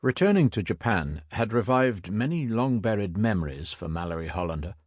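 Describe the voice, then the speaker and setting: A man narrates a historical thriller audiobook in a measured, even delivery. His voice is low and deep, and the recording is dry and close with no room sound. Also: breathy edge, no echo.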